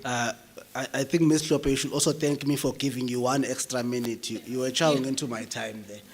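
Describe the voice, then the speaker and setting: A man with a South African English accent chairing an academic session with a hoarse voice, joking easily with the audience. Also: mid-range voice, steady tone, brisk. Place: university lecture hall.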